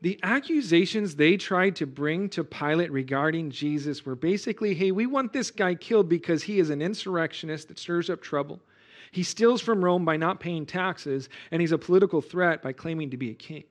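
A man preaching a sermon as pastor, earnest and exhorting, rising to loud emphasis. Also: fairly high pitch, expressive, moderate pace.

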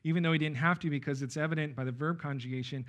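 A man's voice: on the high side, fairly even intonation, rapid-fire, a bit bright, highs cut off. A man preaching an expository Bible sermon, emphatic and checking in with his listeners with frequent okay and right. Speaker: pastor.

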